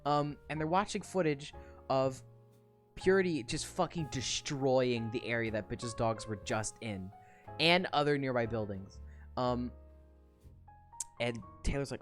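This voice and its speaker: A woman's voice: rumbling low, unhurried, pauses often, soft background music. A young woman streamer casually recapping a story, swearing freely, giggling and rambling with lots of fillers. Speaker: streamer discussing a web serial.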